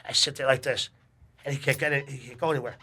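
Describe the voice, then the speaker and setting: A middle-aged man telling a long personal story in casual chat, animated and full of swearing. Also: medium pitch, quick pace, breathy edge.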